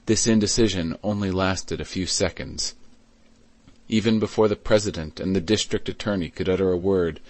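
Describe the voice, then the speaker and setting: Man, audiobook narrator, measured reading, low pitch, dry sound. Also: darkish tone, dry recording. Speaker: audiobook reader. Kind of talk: scripted narration.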